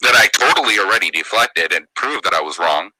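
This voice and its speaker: A man hosts a livestream, ranting in a tense, sharp-edged voice that sits slightly low. He argues defensively and swears constantly. The sound is dry and close. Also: expressive, a little fast, husky, no room sound, low-quality recording. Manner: angry, profane, defensive ranting. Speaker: livestream host. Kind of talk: heated livestream argument.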